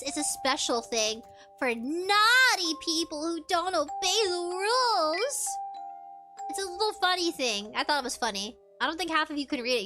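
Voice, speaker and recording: A young woman streaming a game, chatting casually and giggling as she reads chat aloud. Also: sits high.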